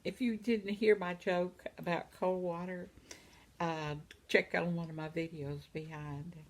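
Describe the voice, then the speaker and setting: Woman, 70s, vlogger. Slow, gravelly, chatty, laughs a lot. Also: lowish voice, steady tone. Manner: chatty, laughs often, reads comments aloud. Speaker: vlogger reading viewer comments. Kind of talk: casual chat. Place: home.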